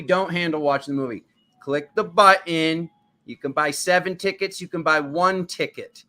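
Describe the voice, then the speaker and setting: A man hosting a live tarot reading, his voice bright and forceful. He preaches with fervent urgency and keeps addressing the viewers as his family. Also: fairly high pitch. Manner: riled up, urgent. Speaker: tarot reader and channel host.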